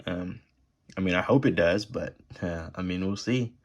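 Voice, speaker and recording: Deep-voiced man casually reading search results. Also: normal speed. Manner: loose, hesitant, many fillers. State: throat irritated, clears it often. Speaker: vlogger. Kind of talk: casual vlog while browsing the web. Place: indoors at a computer.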